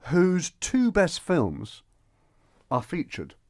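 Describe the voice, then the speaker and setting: Animated man reviewing films on radio. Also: a little high, very slow, dry recording, studio quality. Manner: enthusiastic, animated, with frequent restarts. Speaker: radio guest film reviewer. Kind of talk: radio chat.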